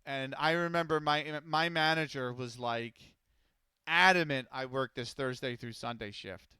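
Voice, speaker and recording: A man's voice: mid-range voice, unhurried, bright, forceful tone, clean tone, dry recording. A man, an esports commentator, telling a long story casually on a live stream, rambling and restarting as he quotes others.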